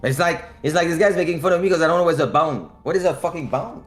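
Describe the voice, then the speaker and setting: Excitable man on a call. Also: fairly high pitch, fast, faint music behind. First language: French. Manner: excitable, teasing, swears often. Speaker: guest streamer on a call. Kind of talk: casual stream chat.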